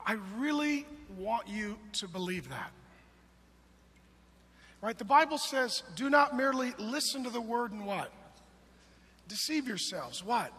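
High-voiced preacher in a reverberant hall. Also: male voice, animated, unhurried, slight background noise. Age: 40s. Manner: emphatic, swinging from loud calls to hushed storytelling. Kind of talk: sermon.

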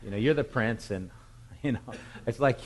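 A man preaching a sermon, retelling a Bible story with animated, emphatic storytelling. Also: medium pitch, moderate pace, a little hiss or hum, rough recording. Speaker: pastor.

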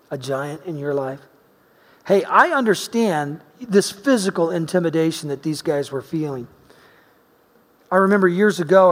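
A male pastor from Oregon telling a personal story in his sermon, animated, swinging between loud emphasis and quiet asides. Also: a little high. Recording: long reverb of a large hall.

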